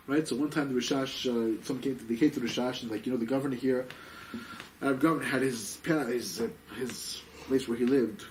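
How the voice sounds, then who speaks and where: Teaching Torah through lively stories, a rabbi peppers his talk with Yiddish and Hebrew words and excitably plays each character, his pitch leaping suddenly for quoted people. The mic is distant, with faint background noise.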